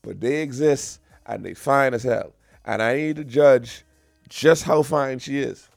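Gravelly stand-up comic. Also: male voice, mid-range voice, measured pace, no echo, studio quality, faint music behind. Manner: animated, repetitive, slangy storytelling. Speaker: stand-up comedian. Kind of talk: stand-up comedy routine.

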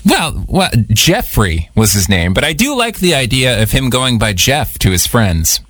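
A man hosting radio in a joking, deadpan way. His pitch swings widely as he plays along with the bit. The sound is dry and close, from a studio microphone. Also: normal speed, no echo. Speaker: radio host. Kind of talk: comedic radio banter.

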